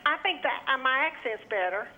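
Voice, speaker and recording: A woman who impersonates a singer, talking as a caller on the phone, bubbly and excitable. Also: high-pitched, a little fast, heavy background noise. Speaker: caller, impersonator of a singer. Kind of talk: phone call. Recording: tinny phone line with crowd.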